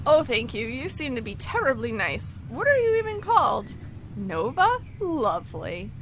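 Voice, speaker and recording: A woman putting on a high, swooping voice for a flustered female clockmaker who has hidden away for years. Bright and sharp in tone, she wails and frets through game dialogue read aloud. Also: wildly swooping pitch, moderate pace, slight background noise, heavily acted. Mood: dramatic. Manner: theatrical, wailing, self-pitying storytelling. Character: excitable dramatic female clockmaker hermit.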